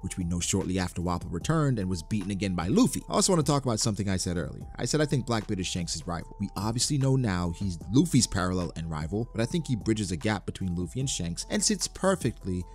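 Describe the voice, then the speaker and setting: A man giving an animated lore commentary, with playful, jokey asides. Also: low-pitched, fast talker, few pauses, faint music behind.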